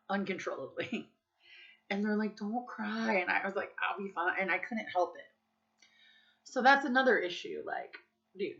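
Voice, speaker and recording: A woman's voice: medium pitch, bright, forceful tone, lo-fi sound. A woman vlogging in a candid, casual confessional chat, swearing freely and saying "like" and "dude" a lot. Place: Las Vegas.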